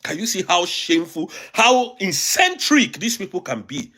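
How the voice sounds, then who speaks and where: A man with a Nigerian accent delivers heated political commentary for his online show. His voice sits high and swings widely in pitch. He talks emphatically, repeating phrases as he presses his points. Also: sing-song, normal speed, pushed and bright, husky. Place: abroad, recording a video.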